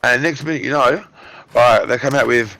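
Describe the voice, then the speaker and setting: Brief: Australian man, thirties, loud excitable gamer, swears a lot, mid-pitch. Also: normal speed, vocal fry. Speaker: gamer on voice chat. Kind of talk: casual chat telling a story mid-game.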